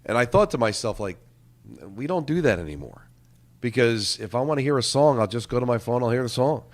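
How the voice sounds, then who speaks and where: A man's voice: mid-range voice, expressive, fairly quick. A middle-aged man, hosting sports talk radio and rambling, repeating words as he thinks.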